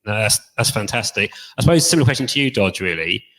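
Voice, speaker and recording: A man's voice: on the low side, animated, quick pace, sharp tone, low-quality recording. Man hosting a panel, casual questions. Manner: casual, laughs easily. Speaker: panel host. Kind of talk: interview questions.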